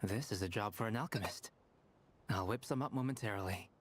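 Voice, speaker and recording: A man playing a calm young alchemist from a video game. His voice is low and a little breathy, and his delivery stays dry and understated. Faint music sits behind him. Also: brisk, lightly acted.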